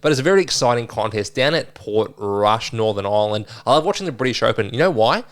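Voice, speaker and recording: A man's voice: mid-range voice, quick pace. A young Australian man hosting a solo sports podcast, chatting casually and a bit rambling as he previews the weekend's games. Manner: chatty, lively, rambling with fillers.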